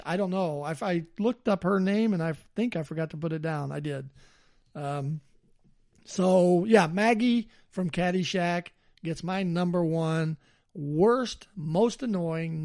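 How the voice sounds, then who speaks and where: A man's voice: high-pitched, a little slow, darkish tone. A man co-hosting a podcast in casual chat, easygoing and rambling. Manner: easygoing, rambling with fillers and laughs. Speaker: podcast co-host.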